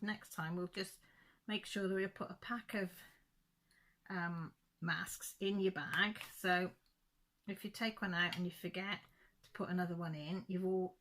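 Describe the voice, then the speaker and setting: A woman's voice: lowish voice, slight background noise. Chatty woman telling a story. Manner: rambling, animated retelling with quoted dialogue. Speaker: crafting channel host.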